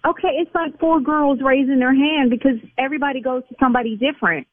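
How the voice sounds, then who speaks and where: A woman's voice: high voice, quick pace, no echo. A woman who runs a lash salon, arguing on the phone in an exasperated, scolding, defensive way. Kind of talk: heated phone argument. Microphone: telephone. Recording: tinny phone line.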